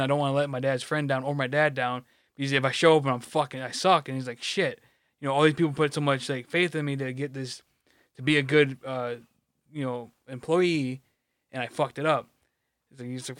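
A young man co-hosting a casual podcast, ranting about work in a profane, animated way. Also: mid-range voice, no echo, studio quality. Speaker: podcast co-host. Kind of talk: casual chat.

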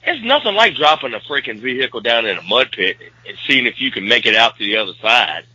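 Southern male co-host, husky and very bright, lively delivery, dull mic. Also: mid-range voice, a little fast. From American South. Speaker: podcast co-host. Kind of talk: casual banter.

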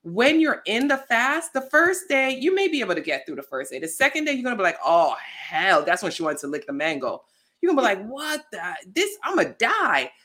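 Woman, podcast guest, very lively pitch, storyteller who acts out quotes. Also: quick pace. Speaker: guest, plant-based lifestyle influencer. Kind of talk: casual podcast chat.

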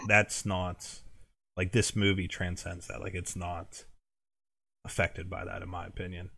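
Podcast co-host, American man, very low voice, loose rambling chat. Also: flat delivery, measured pace, creaky, bright, forceful tone, husky. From United States. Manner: rambling, heavy use of filler words. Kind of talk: casual chat.

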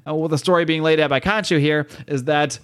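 A man's voice: a little high, steady tone, fast talker, clear, resonant tone. Chatty man recapping a comic. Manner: enthusiastic, chatty, reads dialogue aloud. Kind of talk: casual comic book recap.

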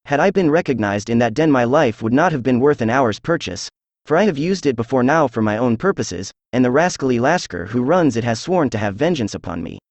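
Casting note: computer-made male narrator, mid pitch, steady reading of an old story, dry recording. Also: a little fast, no room sound. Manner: even synthesized reading, little change between characters. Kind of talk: scripted audiobook narration.

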